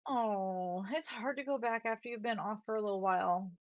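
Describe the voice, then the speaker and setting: A woman live-streaming from her home office, chatting casually and talking to her pets in a soft, chatty way. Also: mid-range voice, moderate pace, dry recording, lo-fi sound. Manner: chatty, soft-spoken, talks to her pets, laughs often.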